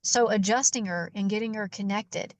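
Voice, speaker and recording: Animated woman telling a patient story. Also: mid-range voice, moderate pace, dry recording. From Georgia, US. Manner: animated storyteller who acts out quoted dialogue. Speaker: chiropractor guest. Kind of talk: storytelling in an interview.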